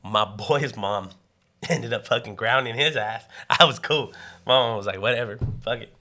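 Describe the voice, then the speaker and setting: A man's voice: mid-range voice, moderate pace, bright, forceful tone. A man, co-hosting a casual podcast, telling a story full of swearing and acted-out quotes. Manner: swears constantly, acts out quoted voices. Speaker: podcast co-host.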